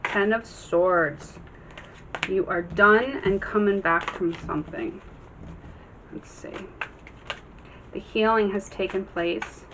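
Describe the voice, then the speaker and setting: A woman's voice: mid-range voice, slow pace, background noise. Encouraging woman giving a tarot reading. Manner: earnest, encouraging, many ums and restarts. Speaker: tarot reader.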